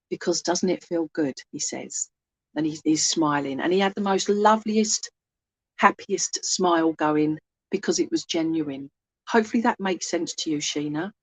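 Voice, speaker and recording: Woman medium, warm reassuring reading, casual asides, laptop mic at home. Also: medium pitch. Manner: gentle, reassuring, relays messages in asides. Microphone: laptop microphone.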